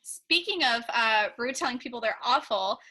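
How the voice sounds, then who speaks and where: A woman's voice: on the high side, expressive, normal speed, bright, forceful tone. A woman co-hosting a podcast, recapping a TV episode in emphatic casual chat. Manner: emphatic, repeats points for effect. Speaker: podcast co-host.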